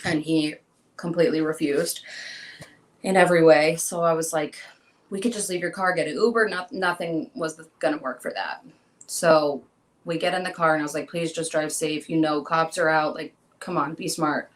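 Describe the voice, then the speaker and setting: A young woman recounts an emotional experience for an interviewer, voicing the people she quotes. She speaks in a deep, steady voice at normal speed, though the audio quality is poor.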